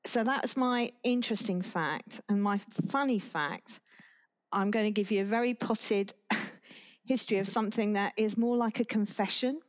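A woman's voice: mid-range voice, normal speed. Woman telling a rambling anecdote. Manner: rambling anecdotal storytelling with restarts and laughs. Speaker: podcast guest. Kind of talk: casual interview chat.

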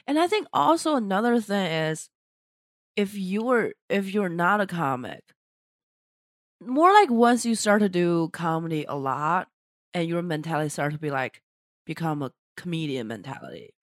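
A woman comedian speaks bluntly and animatedly, her phrasing a little non-standard. Her voice sits low for a woman but swings widely in pitch. The sound is dry and close-miked. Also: very animated, moderate pace, dry recording. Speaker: comedian guest. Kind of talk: casual chat.

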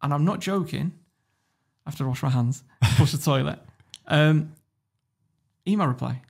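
A fairly high, unhurried male voice with vocal fry and a slightly mellow tone belongs to an entrepreneur telling a casual story on a podcast. He laughs as he goes, blunt and cursing freely.

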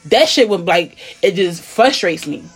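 Woman just venting in a chat, blunt, swears a lot, goes low and quiet to make a point. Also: lively intonation, a little slow, soft background music. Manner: blunt, profane, emphatic venting. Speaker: conversation partner. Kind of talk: casual chat.

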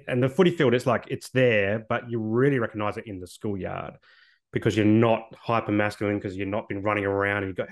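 An Australian man in his thirties with a lowish voice, talking openly about his own life as an interview guest. He speaks earnestly and a little loosely, often restarting his sentences and saying "like". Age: 30s. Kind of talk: candid personal storytelling.

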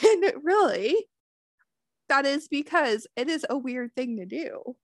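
Woman doing a laid-back spiritual talk, kinda high voice, swears a lot, dry close sound. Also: very animated, slow pace, no room sound. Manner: casual, profane, many "like" fillers.

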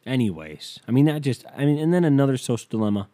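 A man's voice: medium pitch, sing-song, fast, mellow. A young man ranting to camera in a casual comedic monologue, swearing freely and acting out the people he quotes. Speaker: comedic vlogger.

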